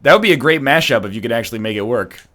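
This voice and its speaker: A man's voice: medium pitch, animated, racing, fairly bright tone. A man riffing and joking sarcastically in casual stream chat. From Canada.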